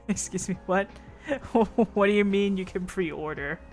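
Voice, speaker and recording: A woman streamer in casual chat, rambling and teasing her viewers, with frequent giggles and many fillers. She talks in a slow, unhurried way at a middle pitch. Faint music plays behind her.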